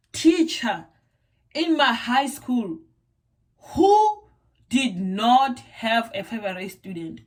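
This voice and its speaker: A young South African woman with a South African accent, chatting casually to camera in a rambling way, repeating words and using lots of fillers. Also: on the high side. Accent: South African English. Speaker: vlogger.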